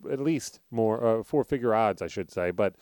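Philly-accented male podcast co-host, brash and profane, smooth clear voice, dry close sound. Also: on the low side, animated, moderate pace, dark tone, no room sound. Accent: Philadelphia. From Philadelphia. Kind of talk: casual sports betting chat.

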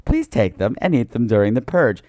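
A man's voice: medium pitch, big pitch swings, a little fast, a little mellow, no echo, voice pushed down, close to an everyday voice. A man voicing a manic suburban housewife neighbor who gushes with false sweetness. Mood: insistent. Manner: gushing, sugary, falsely sweet.

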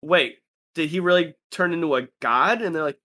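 A man's voice: on the high side, normal speed, pushed and bright. A man chatting casually about anime in a laid-back, rambling way, acting out what friends said.

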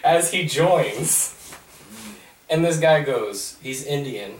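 A young man on a podcast, retelling a story in a rambling, animated way. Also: on the high side, slow pace. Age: young adult. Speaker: podcast host. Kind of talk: casual storytelling. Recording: roomy, mic at a distance.

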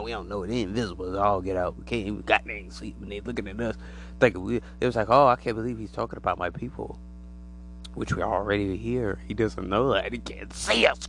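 A man giving a rambling, animated conspiracy monologue to the camera, acting out imagined voices as he goes. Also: mid-range voice, creaky, slight background noise.

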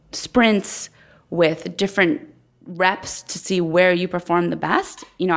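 A woman's voice: on the low side, gravelly. A woman interviewed as a guest, telling her story candidly and thoughtfully in conversation. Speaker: guest, former Olympic figure skater.

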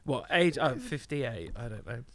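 A man co-hosting a music review show, talking through an album in a measured, analytical way and laughing easily. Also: mid-range voice, expressive. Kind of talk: casual chat.

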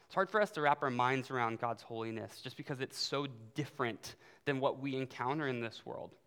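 A man's voice: mid-range voice, a little fast, a bit bright, smooth. A man preaching a sermon as youth pastor, in a casual, conversational way with fillers. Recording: long hall reverb.

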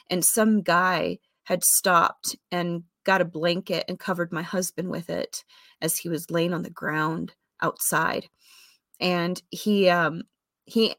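A woman candidly telling a personal story in a rambling way, often correcting herself, with fillers and soft laughs. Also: lowish voice, no room sound, studio quality.

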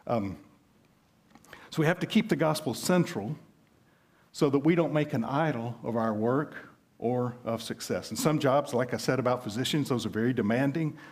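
A man's voice: mid-range voice, moderate pace, a little mellow. A man with a Southern US accent preaching a sermon in a conversational way, telling illustrative stories. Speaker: pastor.

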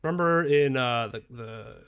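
A man's voice: mid-range voice, normal speed, a bit bright, smooth. A man from New York State co-hosting a podcast, rambling casually with laughs and crude jokes. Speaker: podcast co-host. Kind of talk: casual chat.

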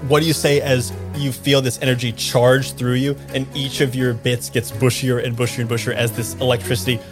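A man's voice: medium pitch, level tone, brisk, music in the background. A man narrating a tabletop game as game master, with vivid, playful descriptions.

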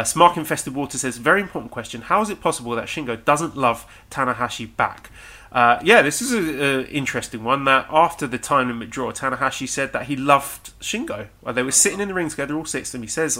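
A man with a bright, forward voice co-hosts a casual podcast. He reads listener questions and answers them conversationally, stumbling over the odd word. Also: medium pitch, expressive, a little fast, hardly any pauses. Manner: conversational, with some stammered restarts. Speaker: podcast co-host. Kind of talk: casual wrestling discussion, reading listener questions.

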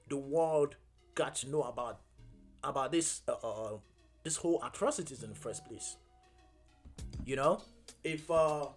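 A young adult man hosting a casual solo podcast, earnest and halting, with many fillers and restarts. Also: fairly high pitch. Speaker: podcast host.

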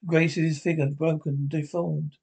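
A man narrating a classic novel as an audiobook, reading in a steady, measured way. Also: on the high side, vocal fry, slightly rough, low-quality recording. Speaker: reader.

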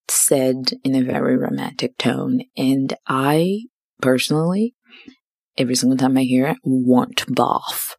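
Young woman podcast host, deep and dry, slow and chatty, a bit dramatic. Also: lively intonation, vocal fry, no room sound. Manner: chatty, self-dramatizing storyteller. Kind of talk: casual personal monologue.

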